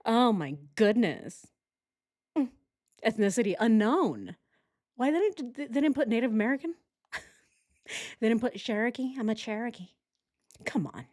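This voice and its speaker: A woman's voice: on the high side, animated, unhurried, pauses often, a little mellow. A young woman hosting a casual true crime stream, sarcastic and giggly, talking to her chat as she reacts. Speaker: true crime livestream host.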